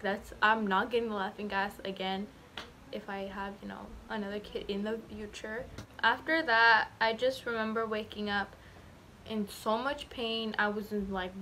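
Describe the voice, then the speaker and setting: A woman's voice: mid-range voice, bright, forceful tone, a little hiss or hum. Rambling teen girl telling her story. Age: late teens. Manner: rambling, repeats herself, lots of "like". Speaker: vlogger. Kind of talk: casual storytelling vlog.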